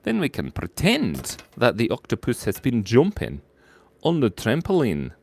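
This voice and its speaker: A man's voice: mid-range voice, huge pitch swings, a little slow, gravelly, darkish tone. A man hosting a live drawing stream, playful and giggly as he chats with viewers while he draws. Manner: playful, giggly, silly asides. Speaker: animator hosting a drawing livestream.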